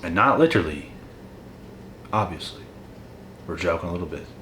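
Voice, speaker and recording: A motivational channel host with a low, sharp voice and lively intonation rants at normal speed straight at his viewers. His monologue is blunt, profane, and confrontational, recorded in an echoey room with faint noise.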